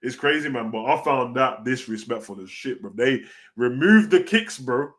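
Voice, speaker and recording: A man with a British accent, hosting a wrestling reaction show in a casual, animated way, full of street slang and "bro". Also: mid-range voice, normal speed. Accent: British (London street slang). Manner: animated, slangy, peppers every line with "bro".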